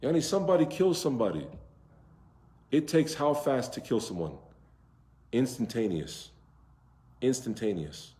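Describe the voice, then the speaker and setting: A man teaching Quran recitation to a class, drawing out Arabic words slowly and asking his students questions. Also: medium pitch, very animated, mellow. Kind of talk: interactive class lesson. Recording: echoey room.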